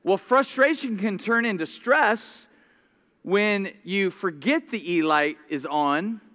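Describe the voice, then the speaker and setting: Male pastor, high bright voice, animated storytelling sermon, stumbles over his openings. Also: slow pace. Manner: repeats words when starting sentences.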